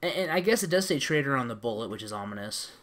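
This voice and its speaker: A man's voice: mid-range voice, animated, quick pace, a bit bright. A man hosting a podcast, rambling through gaming news with lots of fillers and restarts over an internet call. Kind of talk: casual chat.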